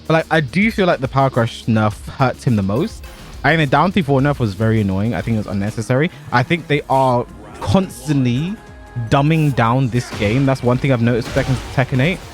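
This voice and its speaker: A young man chatting casually about a fighting game while he plays, animated and given to exaggeration, laughing at himself now and then. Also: medium pitch, a little fast, soft background music. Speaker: pro fighting game player and content creator. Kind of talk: casual commentary over gameplay.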